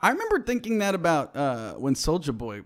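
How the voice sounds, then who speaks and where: A man's voice: fairly high pitch, wildly swooping pitch, fairly quick. A man in his thirties, a comedian guest chatting loosely on a podcast and acting out quotes in silly voices. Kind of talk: casual podcast chat.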